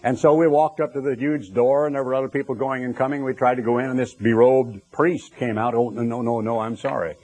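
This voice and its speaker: A man's voice: mid-range voice, fairly even intonation, brisk, few pauses, a little mellow. A middle-aged man preaching a sermon, telling stories with conversational asides to the congregation.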